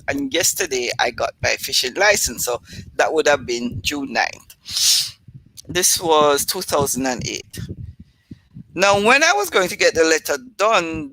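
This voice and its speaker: Bright-voiced Jamaican woman host. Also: deep voice, a little hiss or hum, rough recording. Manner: chatty, talks straight to live viewers. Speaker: livestream host. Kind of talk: poetry reading and casual storytelling.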